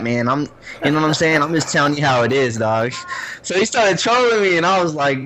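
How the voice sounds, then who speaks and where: A man in casual, profane chat, telling an animated, salty story about losing a tournament. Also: on the high side, fairly quick, low-quality recording.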